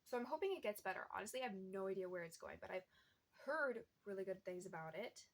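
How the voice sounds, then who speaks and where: A woman's voice: medium pitch, animated, fast talker. A young woman chatting casually about what she's reading, rambling along with lots of fillers and small laughs. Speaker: book vlogger. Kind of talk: casual book chat.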